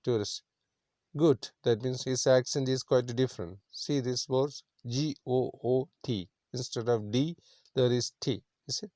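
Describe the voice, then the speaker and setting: Male teacher, explaining word by word, mid pitch, dry close sound. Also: measured pace, darkish tone, dry recording. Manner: explains words simply, repeats, many fillers. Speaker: English teacher. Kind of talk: explaining a story lesson. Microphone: screen recording.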